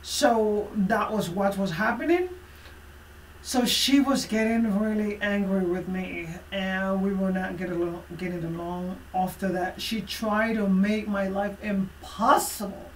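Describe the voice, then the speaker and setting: A woman life coach telling a motivational personal story, emphatic and expressive, with frequent fillers. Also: medium pitch, measured pace, distant mic, a little hiss or hum. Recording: roomy echo from away from the mic.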